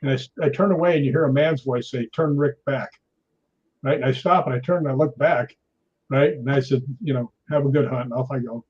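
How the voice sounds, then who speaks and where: Brief: man, 60s, stuntman guest, husky raised voice, animated storyteller, dull lo-fi recording. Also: mid-range voice, fast talker. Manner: lively, laughs often, acts out others' lines. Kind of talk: anecdotal storytelling.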